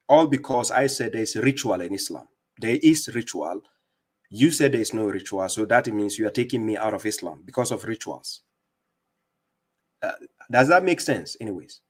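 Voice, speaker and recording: Emphatic accented man hosting a livestream. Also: mid-range voice. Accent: non-native English accent. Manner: emphatic, repeats words, answers viewers by name. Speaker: livestream host. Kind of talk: live-stream commentary reading chat.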